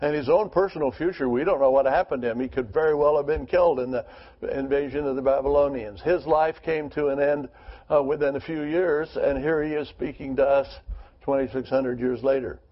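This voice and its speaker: A man's voice: medium pitch, fairly even intonation, a little fast. Man leading a bible study, earnest, reads scripture then chats it over, kinda muffled lo-fi sound. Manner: earnest, asks rhetorical questions. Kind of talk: scripture reading and group discussion.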